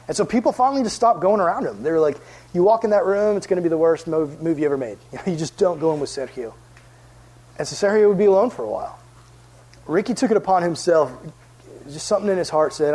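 A young adult man giving a youth sermon in a lively storytelling way, acting out voices and sometimes dropping almost to a whisper. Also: a little high, low-quality recording. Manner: animated storyteller, acts out voices, drops to near whisper. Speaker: youth pastor.

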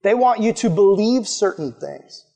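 A man's voice: high-pitched, expressive, measured pace, vocal fry, a little mellow. A man preaching a casual sermon to young people, enthusiastic and chatty, often saying "like" and "man". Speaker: youth pastor.

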